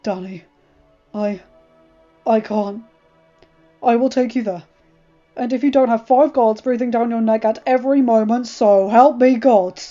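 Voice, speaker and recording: A woman's voice: mid-range voice, steady tone, moderate pace, long pauses, close to an everyday voice. Woman playing a stern barking knight. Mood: strained. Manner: loud, barking orders. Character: stern male knight, commanding. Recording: dull lo-fi with faint music.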